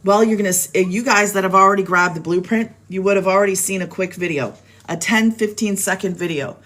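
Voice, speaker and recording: A woman's voice: mid-range voice, brisk, a bit bright. Chatty upbeat woman selling on a live stream. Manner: chatty and upbeat, talks straight to viewers, reads out their names. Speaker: live stream host selling online business programs. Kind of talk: casual live stream pitch. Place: home. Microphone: phone.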